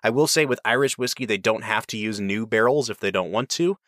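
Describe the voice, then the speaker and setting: A man's voice: lowish voice, a little fast, a bit bright, dry recording, studio quality. A man hosting a whiskey review, explaining and chatting in an enthusiastic, rambling way. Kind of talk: casual review chat.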